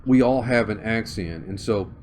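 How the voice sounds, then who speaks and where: A man with a Southern accent from Oklahoma, giving an interview and thinking aloud with many pauses and restarts. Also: lowish voice, darkish tone, a little hiss or hum. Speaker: interview guest. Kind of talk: conversational interview.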